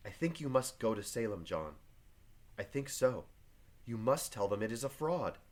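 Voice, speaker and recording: A man voicing Elizabeth Proctor, a reserved farm wife, read quietly and plainly from a play. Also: medium pitch, sing-song, moderate pace, close to an everyday voice. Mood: guarded. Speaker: teacher reading a play aloud. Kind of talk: reading play aloud to a class.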